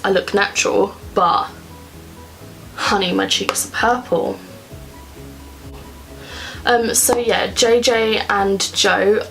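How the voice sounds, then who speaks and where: A woman's voice: medium pitch, rough recording. A young woman chatting casually at home while doing her makeup for a get-ready-with-me vlog. She rambles and fills her talk with lots of "like"s. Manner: chatty and rambling, many filler "like"s. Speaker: beauty vlogger. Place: at home, indoors.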